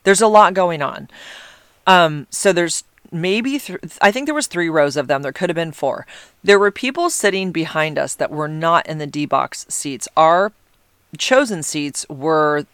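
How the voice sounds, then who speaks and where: A woman's voice: sits low, animated, measured pace, fairly bright tone, clear, resonant tone, no room sound, clean studio sound. A middle-aged woman hosting her own podcast, chatting casually and rambling with lots of fillers and restarts. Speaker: podcast host. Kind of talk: casual solo podcast chat.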